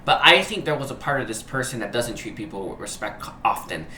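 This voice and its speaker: A man giving a tarot reading, hesitant and earnest, often pausing to search for words and apologizing. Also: mid-range voice, animated, sharp tone. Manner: earnest, emotionally moved. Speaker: tarot reader. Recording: roomy echo, faint background noise.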